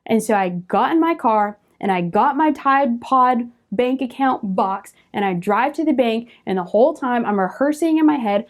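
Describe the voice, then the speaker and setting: A young woman telling a personal story as a guest on a faith-based round table, lively, with laughs and quoted voices. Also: on the high side, a little slow. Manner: animated storyteller, laughs often, acts out quoted speech.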